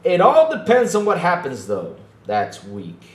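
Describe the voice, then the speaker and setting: In an echoey room, a laid-back gaming podcast host chuckles, repeats himself, and tags his lines with "though." His voice is fairly high with wildly swooping pitch, and he speaks a little slowly.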